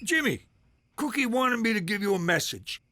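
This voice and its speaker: Sleazy uncle type, high and bright, crude patter. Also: male voice, very animated, moderate pace, slight background noise, full character voice. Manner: crude, wheedling. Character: crude, leering uncle, much-divorced. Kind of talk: adult cartoon voice acting.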